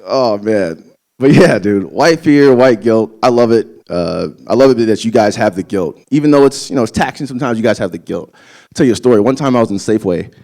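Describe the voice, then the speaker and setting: A man's voice: mid-range voice, lively intonation, quick pace, gravelly, darkish tone. A young man working a crowd in a stand-up set, talking loosely and swearing freely as he spins his stories. His delivery is casual and conversational, in a live comedy venue. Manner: loose, profane, conversational storytelling.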